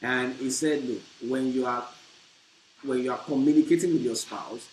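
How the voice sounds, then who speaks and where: A man preaching a teaching on marriage, with an emphatic delivery that swells into loud bursts. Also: mid-range voice, steady tone, moderate pace. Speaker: pastor. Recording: echoey room with faint hiss.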